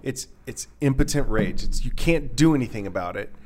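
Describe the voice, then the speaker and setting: A man in casual chat, a parent, chiming in with quick questions and sympathetic remarks. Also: medium pitch, animated, a little mellow.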